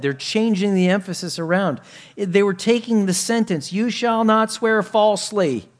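A man preaching a sermon, earnest, swinging from quiet asides to emphatic raised points. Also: a little high.

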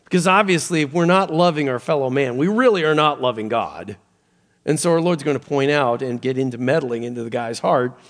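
A man's voice: mid-range voice, fairly quick, a bit bright. A man preaching a sermon, reading scripture and explaining it with earnest emphasis that rises and falls. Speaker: pastor.

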